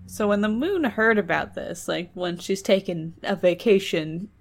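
A woman's voice: medium pitch, unhurried, creaky. A woman reading a folk tale aloud and breaking off into joking asides. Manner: joking digressions, trailing off. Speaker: storyteller host. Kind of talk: casual storytelling with asides.

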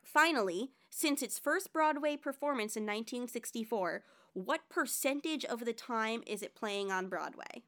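An enthusiastic woman podcast host with a fairly high voice talks in a casual, chatty way. She comes across lively and eager, like someone hosting a relaxed chat. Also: normal speed, hardly any pauses. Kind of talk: casual chat about musicals.

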